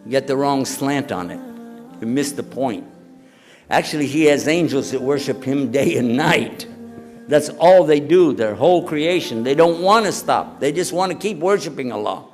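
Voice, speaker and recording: A man preaching in a lively, chatty lecture style, quizzing a live audience as he goes. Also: fairly high pitch, moderate pace, faint music behind. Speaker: Islamic preacher.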